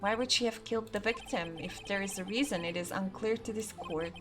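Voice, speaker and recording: A woman's voice: medium pitch, fairly quick, background noise, close to an everyday voice. A woman reading a stern court judge. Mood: formal. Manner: formal, questioning.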